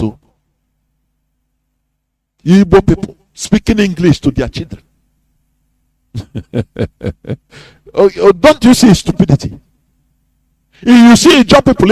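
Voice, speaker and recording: A man's voice: sits high, darkish tone, no echo. A man with a Nigerian accent giving an impassioned live radio talk. He is emphatic, often checks "you understand?" and chuckles between points. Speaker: radio presenter.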